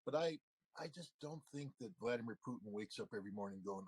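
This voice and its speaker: A man's voice: medium pitch, lively intonation, quick pace, slightly rough, poor audio. A middle-aged man giving emphatic answers as an interview guest, with frequent filler phrases. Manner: emphatic, frequent "you know" and "I mean" fillers. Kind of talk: casual spoken analysis.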